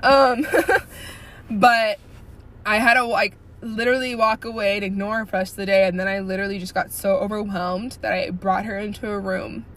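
A woman in her early twenties telling a workplace story in a casual, animated rant, blunt and profane with lots of "like" fillers. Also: medium pitch, normal speed. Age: early 20s. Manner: indignant and blunt.

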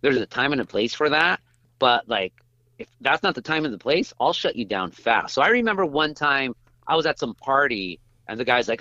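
A man's voice: fairly high pitch, fairly quick, dry recording, lo-fi sound. A man being interviewed as a journalist, chatting casually and telling self-mocking stories while he acts out other people's voices. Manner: animated, self-mocking storyteller acting out quoted voices. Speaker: journalist guest.

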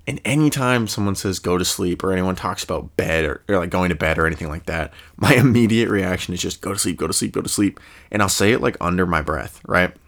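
A young man hosting his own podcast, talking in a deep voice with a gravelly, creaky grain. He rambles and thinks aloud, circling back with fillers and restarts, and often chuckles or drops into quick impressions. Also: lively intonation, fairly bright tone. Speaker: podcast host. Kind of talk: casual solo podcast musing.

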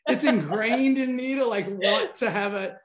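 A man's voice: very high-pitched, normal speed, reverberant. A man from the American South with a Southern twang, hosting a podcast in an upbeat, rambling way. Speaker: podcast host. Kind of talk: casual interview chat. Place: California.

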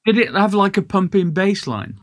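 A male interviewer with a fairly high voice that jumps around a lot in pitch. He reacts eagerly in loose, casual chat and swears now and then. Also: animated, moderate pace, slight background noise.

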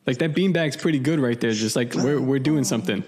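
A man's voice: mid-range voice, brisk, a little mellow. A young man co-hosting a podcast, rambling through profane stories and laughing as he tells them. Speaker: podcast co-host. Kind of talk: casual podcast chat.

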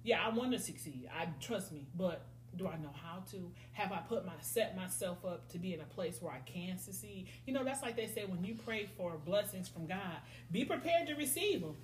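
A woman's voice: fairly low pitch, moderate pace, few pauses. A middle-aged woman, chatting on a podcast and acting out her friends' voices as she tells stories. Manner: animated storytelling, acts out friends' voices. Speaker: podcast host. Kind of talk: casual podcast chat. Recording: echoey room, faint noise.

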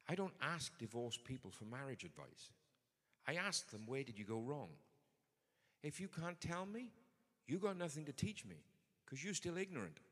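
A man's voice: a little high, big pitch swings, normal speed, big-room sound. A man preaching a sermon in a conversational but emphatic way. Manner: conversational, emphatic, builds to forceful points.

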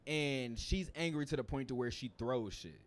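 A male podcast host chatting with friends in an indoor room. His voice sits at an ordinary middle pitch. He rambles through stories in a loose, profane, casual way. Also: animated, normal speed.

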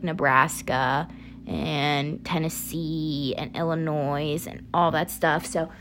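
Chatty young woman podcaster, low voice. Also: a bit bright, slight background noise. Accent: slight picked-up Southern twang. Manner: chatty, rambling, laughs often. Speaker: podcast host. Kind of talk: casual solo podcast chat.

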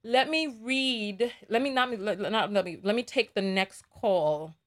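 A woman's voice: mid-range voice, a little slow, a bit bright. A woman with a New York accent hosting a livestream talk show, chatty and sassy, reading out viewer donations and laughing often.

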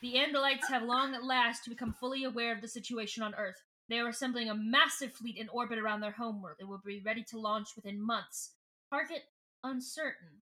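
A woman voicing a stern male alien council leader who speaks in a cold, measured, commanding way. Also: fairly high pitch, steady tone, pushed and bright.

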